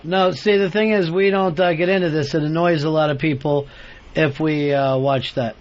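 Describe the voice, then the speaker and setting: Radio host guy, fairly high voice, dry and teasing, taking calls, a little muffled with faint music underneath. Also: fairly even intonation, normal speed, a little hiss or hum. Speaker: radio talk show host.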